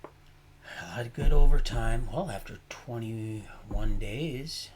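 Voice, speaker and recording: A man in casual livestream talk, meandering and folksy, with a voice of ordinary pitch. He mixes faith talk with rough swearing and jumps from near-whispers to loud bursts. A faint hiss of noise sits behind him. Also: takes it slowly. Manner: swings from quiet asides to sudden loud outbursts. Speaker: livestream host.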